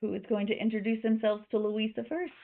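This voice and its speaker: A woman's voice: on the high side, flat delivery, fast, creaky. A woman narrating as game master of a tabletop game, describing scenes loosely with many fillers. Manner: rambling descriptions full of fillers. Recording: tinny phone-like online call.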